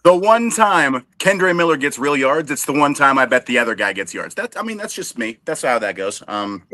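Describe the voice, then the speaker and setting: A man co-hosting a casual sports podcast, tossing out dry, self-deprecating jokes. His voice is bright and forward, and his pitch swings freely. The sound is dry and close, with no room around it. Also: big pitch swings, normal speed, dry recording. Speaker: co-host.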